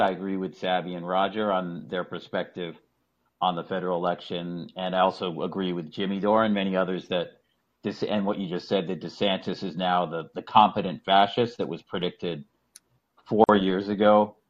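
Man with a boston accent, low voice, rambling caller, dull lo-fi call audio. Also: fairly even intonation, normal speed. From Boston area. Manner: rambling, restarts often. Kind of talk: casual call-in podcast chat.

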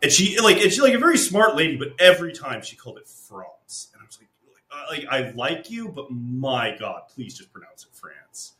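Animated ranting podcast co-host man. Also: fairly high pitch, quick pace, few pauses, reverberant. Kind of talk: casual chat.

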